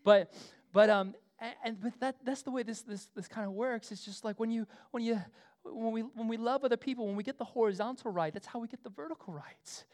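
A middle-aged man preaching a sermon, swinging between loud emphasis and soft, conversational asides, often repeating himself as he goes. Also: very high voice, a little fast. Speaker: pastor.

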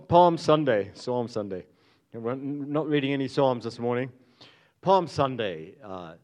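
A man leading a church sermon as its pastor, telling stories in a relaxed, chuckling way. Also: mid-range voice. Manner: easygoing, chuckling storyteller. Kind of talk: sermon with opening jokes.

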